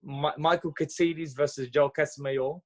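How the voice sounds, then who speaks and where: A man, a podcast guest telling stories in a lively, casual way, full of fillers and restarts. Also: a little high, moderate pace. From Australia. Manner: animated storyteller, acts out dialogue, frequent fillers and restarts. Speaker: podcast guest, former boxer. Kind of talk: casual interview storytelling.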